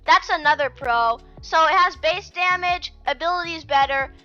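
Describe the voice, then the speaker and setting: Woman for a casual gameplay walkthrough, high bright voice, rambling and filler-heavy delivery; dull lo-fi mic with faint music underneath. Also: normal speed. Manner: rambling, with many fillers and restarts. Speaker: gaming video creator.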